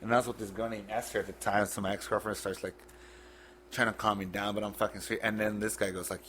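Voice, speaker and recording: A man on a podcast, retelling a painful memory in a blunt, halting, profane way. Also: lowish voice, level tone, a bit bright, slight background noise. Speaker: podcast guest. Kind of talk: casual storytelling.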